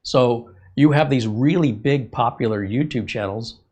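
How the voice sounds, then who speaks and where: A man's voice: medium pitch, unhurried, darkish tone. Chatty male host telling stories. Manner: chatty, rambling storyteller. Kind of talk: casual live-stream monologue.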